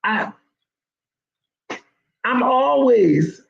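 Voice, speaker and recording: A woman's voice: on the high side, animated, drawn-out words, creaky. A woman life coach giving an emphatic, preachy motivational talk, repeating her points for emphasis. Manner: emphatic, preachy exhortation with repetition. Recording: roomy, dull lo-fi sound.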